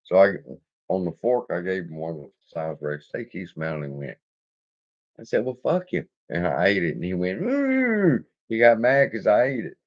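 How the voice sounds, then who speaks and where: A man rambling through profane stories for his viewers, laughing often. His voice sits low, and the recording is dull and lo-fi. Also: a little fast. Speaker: investing channel host. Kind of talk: casual storytelling livestream.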